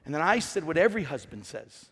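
Middle-aged male pastor, emphatic storytelling sermon, slightly high voice, big hall reverb. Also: sing-song, fast, fairly bright tone, slightly rough. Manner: emphatic, repetitive, storytelling preacher.

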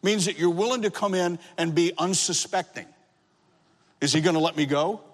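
A man with a high, light voice preaches to his congregation. His testimony swings from hushed to shouting. Long reverb hangs after every phrase in the large hall. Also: fairly quick. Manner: emotional testimony, rising to shouts. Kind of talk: sermon.

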